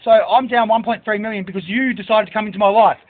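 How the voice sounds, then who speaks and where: A man's voice: sits high, steady tone, fast. A man in an agitated, rambling monologue, swearing and reading out a list of book titles to staff. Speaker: speaker addressing staff. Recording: tinny phone-like recording.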